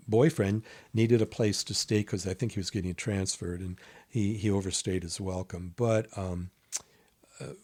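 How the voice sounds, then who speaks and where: Animated storytelling man with a low voice. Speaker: guest. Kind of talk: casual storytelling conversation.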